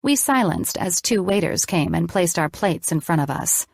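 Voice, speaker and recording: A woman with a fairly low voice reads a first-person audiobook, putting real feeling into it. The sound is dry and close, with no room around it. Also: normal speed, creaky, no room sound. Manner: expressive, emotional reading. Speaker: audiobook narrator. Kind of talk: scripted first-person narration.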